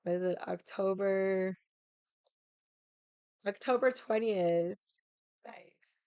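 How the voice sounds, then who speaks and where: A woman's voice: mid-range voice, takes it slowly, warm tone, clean tone, no echo. A young adult woman streamer chatting casually with her viewers, rambling and swearing often. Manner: rambling, swears a lot, many likes.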